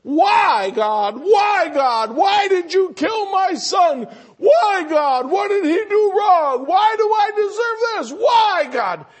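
A man's voice: extremely high pitch, sing-song, slow, hardly any pauses, raised voice, voice pushed up, exaggerated voice. A screaming grief-stricken mother, as a male preacher acts her out. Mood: anguished screaming. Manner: shrieking, anguished wailing.

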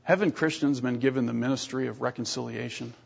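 A man in his thirties preaching a sermon as a pastor, telling lively stories with self-deprecating humor and often clearing his throat. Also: mid-range voice, fast. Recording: dull lo-fi sermon recording.

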